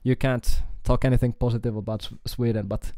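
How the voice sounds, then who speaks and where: A man from Finland with a Finnish accent, chatting casually on a live stream with halting speech, fillers and chuckles. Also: mid-range voice, little pitch movement, warm tone, dry recording, studio quality. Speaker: guitar YouTuber streaming.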